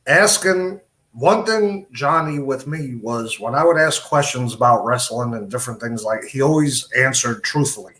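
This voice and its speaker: A man's voice: medium pitch, moderate pace, a bit bright. A middle-aged man, a wrestler, telling rambling stories with quoted dialogue in a casual interview. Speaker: podcast guest, wrestler.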